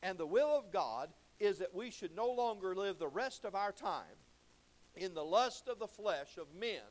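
A man preaching in a church, his voice sitting fairly high for a man. He talks in a folksy preaching style. He swings between loud cries and low, intense stretches. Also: lively intonation, moderate pace. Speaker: pastor. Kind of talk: sermon.

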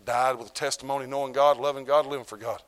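A middle-aged preacher with a drawl delivers a sermon. His voice sits at an ordinary pitch for a man. He rises to loud, emphatic peaks, then drops to quiet, low asides. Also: level tone, fast talker. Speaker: pastor.

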